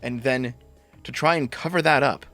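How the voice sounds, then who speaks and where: A man's voice: medium pitch, moderate pace, fairly bright tone, faint music behind. A man ranting as a political commentator, sarcastic and mocking, with frequent swearing.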